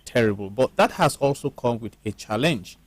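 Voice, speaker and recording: A man, a lawyer on a panel, explaining his views in a measured, lecturing way. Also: medium pitch, expressive, husky, no room sound. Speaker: lawyer guest. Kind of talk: panel discussion.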